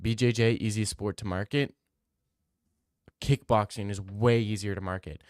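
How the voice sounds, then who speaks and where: A man's voice: fairly low pitch, fairly even intonation, moderate pace, darkish tone, no echo, clean studio sound. A young man streaming, chatting casually as he reads his live chat, rambling and opinionated, repeating himself.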